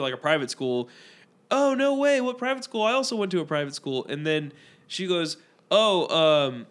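A man's voice: on the high side, fairly bright tone. A young man co-hosting a podcast, rambling through casual stories and acting out what other people said. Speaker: podcast co-host. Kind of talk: casual storytelling chat.

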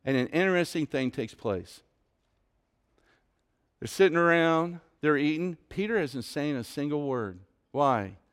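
A man preaching a sermon, telling a story with big swings from loud to hushed. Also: on the high side, expressive, unhurried, smooth. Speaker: pastor.

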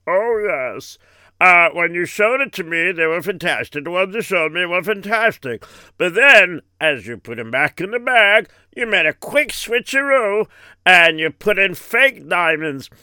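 A man's voice: sits high, lively intonation, measured pace, bright, forceful tone, clear, resonant tone, no echo, full character voice. A man voicing a wary businessman who accuses the seller of swapping his goods. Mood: accusing. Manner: accusing, brushes off the other. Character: wary cheated male businessman.

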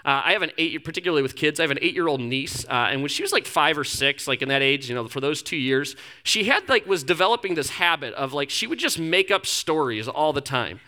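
A man's voice: on the high side, animated, fairly quick, hardly any pauses, pushed and bright. A man giving a sermon as a pastor in his church, talking conversationally with lots of fillers and stories. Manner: conversational, storytelling, frequent fillers.

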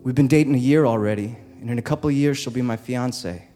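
Soft guitar plays beneath a man of medium pitch as he performs a personal story for a live audience. He speaks slowly and deliberately with dramatic pauses, and long hall reverb trails his words.

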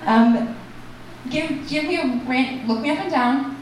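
A woman performing a stand-up comedy set and hosting the show, animated and shouting her punchlines in high bursts. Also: a little slow, far from the mic, slight background noise. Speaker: stand-up comic and festival host. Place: comedy club stage. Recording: echoey room picked up from afar.

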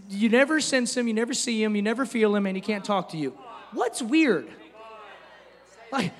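High male pastor, animated sermon, shouts then hushes, hall echo. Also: normal speed, long pauses. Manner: swings from shouting highs to soft low asides; animated, jokey, uses casual filler. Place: church hall. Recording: long hall reverb, faint music.

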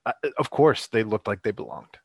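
Excitable man in dry sports chat. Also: lowish voice, normal speed, no echo, highs cut off. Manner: excitable, lots of fillers, laughs often.

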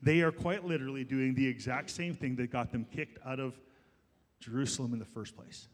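In a church sanctuary, a male pastor preaches an emphatic, rhetorical sermon, drawing out the words he stresses. His voice is medium-pitched and fairly quick, echoing in the large hall.

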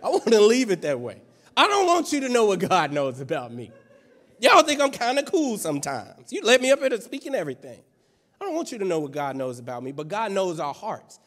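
A man's voice: high voice, wildly swooping pitch, fairly quick, a bit bright. A male pastor preaching a sermon in a conversational, playful way, with lots of rhetorical questions. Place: church sanctuary. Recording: long church hall reverb.

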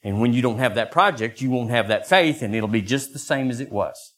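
An older man preaching a sermon as pastor, acting out quoted voices in lively bursts. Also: a little fast. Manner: animated, acts out voices with sudden high pitch jumps.

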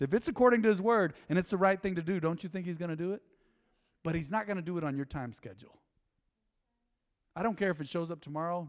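A man pastor preaching a lively, joking sermon in a church. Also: fairly high pitch. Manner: animated, joking, folksy. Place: church sanctuary. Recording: long hall reverb.

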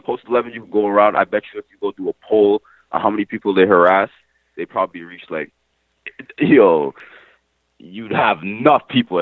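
A man's voice: on the low side, no echo. A young man from Montreal telling his own story in a casual, emphatic way, full of slang, repeated phrases and swearing. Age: young adult. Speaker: interviewee, nephew of the deceased. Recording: tinny phone-line sound, dry.

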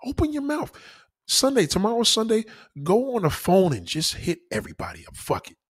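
A man on his own channel, giving casual advice in an animated, preachy way, swearing freely. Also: high-pitched, fairly quick, breathy edge. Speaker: YouTuber.

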